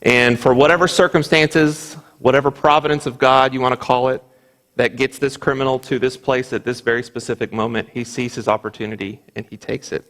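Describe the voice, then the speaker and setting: Man, Bible class teacher, gravelly voice, long church reverb, earnest, restarts sentences. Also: medium pitch, fairly even intonation, fairly quick, a bit bright. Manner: earnest, with frequent restarts and quoted scripture.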